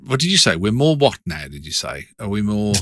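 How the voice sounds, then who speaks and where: Middle-aged man, low voice, animated swings, dry close mic, chatty co-host. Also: brisk, no echo. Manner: animated storytelling, hesitant restarts. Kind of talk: casual chat.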